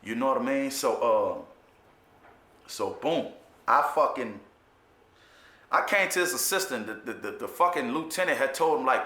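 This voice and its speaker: Blunt, profane man with a bright voice. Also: mid-range voice, expressive, unhurried, pauses often, echoey room. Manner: blunt street talk, heavy profanity, repeats for emphasis. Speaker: former prisoner telling his story. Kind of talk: personal storytelling to camera.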